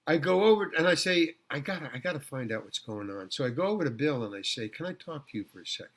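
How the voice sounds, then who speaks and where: An older man, a guest actor, casually telling rambling anecdotes in an interview, with halting restarts and repeated words. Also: on the high side, lively intonation.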